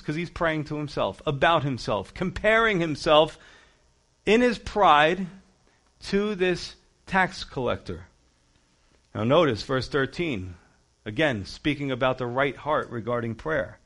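A man with a slightly high voice preaches a verse-by-verse sermon. He teaches in an animated way, acting out quotes and pressing his points with emphatic questions. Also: normal speed. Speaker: pastor. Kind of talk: expository sermon.

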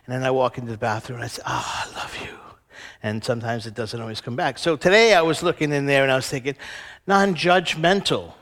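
A man's voice: medium pitch, fast, fairly bright tone, in a large hall. Middle-aged guy preaching casually, tells stories and does little voices. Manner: conversational storytelling, acts out voices. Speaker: speaker at a spiritual center. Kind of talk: personal sermon talk.

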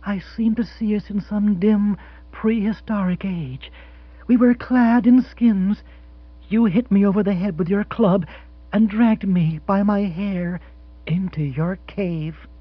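A man's voice: sits high, takes it slowly, voice pushed up. A man putting on a gushing, mystical rich widow. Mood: dreamy. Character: grand romantic wealthy widow, gushing, theatrical. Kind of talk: audiobook character voice. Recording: dull lo-fi sound.

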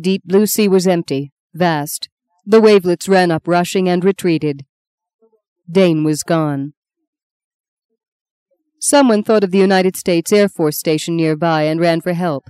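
A woman narrating a novel in a measured, solemn storytelling manner. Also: on the low side, warm tone, smooth, no echo. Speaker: audiobook narrator. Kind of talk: scripted literary narration.

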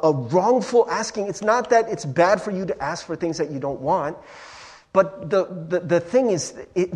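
A man's voice: a little high, husky. A male pastor giving a casual, joking sermon, talking straight to the congregation. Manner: animated, joking, addresses listeners as friends and guys. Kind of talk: conversational sermon.

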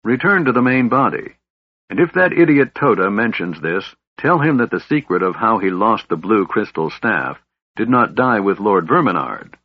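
A man's voice: on the low side, very animated, moderate pace, slightly rough, dry recording. A man voicing a stern masked dragon warlord. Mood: stern commanding. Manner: stern, cold, imperious. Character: cold commanding masked human warlord on a dragon. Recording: dull lo-fi audiobook recording.

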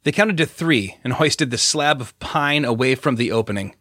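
A male audiobook narrator with a bright, forward voice, telling the story in an even, expressive way. Recorded close in a dry booth with no room sound. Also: medium pitch, moderate pace, no echo.

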